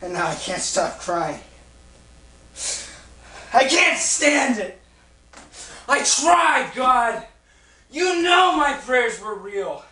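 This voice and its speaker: A man's voice: high voice, very animated, measured pace, few pauses, sharp tone, full character voice. A man playing Job, a suffering man in agony who groans and cries out in a stage play, recorded in an echoey room from far off. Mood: anguished. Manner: anguished, crying out and groaning.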